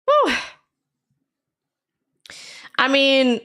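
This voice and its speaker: A woman streamer chats casually as she reacts to videos, her voice sore from being sick. She sounds high, very animated, very slow, and a bit bright, keeping things laid-back with casual swearing.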